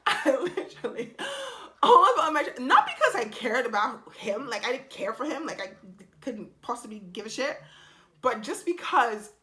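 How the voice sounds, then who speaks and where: A young woman vlogger telling a casual storytime, animated and exasperated, blunt and quick to swear. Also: fairly high pitch.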